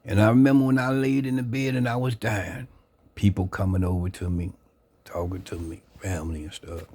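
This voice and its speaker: A man earnestly sharing his life story into a phone camera, reflective and unhurried. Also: fairly low pitch, little pitch movement, mellow. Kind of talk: personal testimony, casual talk.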